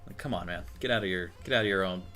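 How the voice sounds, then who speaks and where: Man, low-voiced and bright, loose sweary rant, quiet music under. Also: very fast. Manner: swearing, ranting, mocking impressions. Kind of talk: casual chat.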